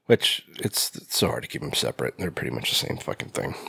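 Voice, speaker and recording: A young man co-hosting a horror podcast, chatting casually with loose, swearing, animated rants. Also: rumbling low, fast, creaky, breathy edge, no echo, clean studio sound. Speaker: podcast co-host. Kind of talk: casual chat.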